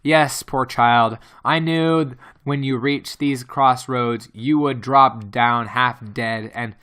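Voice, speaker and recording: A man voicing a stern, obstinate elderly professor, speaking gruffly and insistently with slow, emphatic pauses. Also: mid-range voice, fairly even intonation, sharp tone. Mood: pleading.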